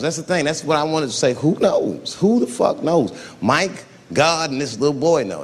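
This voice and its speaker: Animated man doing stand-up in a hall. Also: a little high, moderate pace. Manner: lively storytelling, playful voices for characters. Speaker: stand-up comedian. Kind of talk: stand-up comedy routine. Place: large venue with live audience. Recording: live hall recording with crowd noise.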